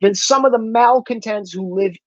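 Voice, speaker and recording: A man's voice: high voice, moderate pace, dry recording, low-quality recording. A man vlogging in a casual monologue, ranting with lots of swearing. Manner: profane, animated ranting.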